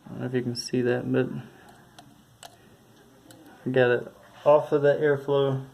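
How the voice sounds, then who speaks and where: A man giving a casual hands-on tutorial, talking in a halting, mumbling way as he works, recorded on a phone. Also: mid-range voice, little pitch movement, vocal fry, dull audio. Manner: mumbling, halting, thinking aloud. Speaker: tutorial presenter. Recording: faint background noise from phone recording.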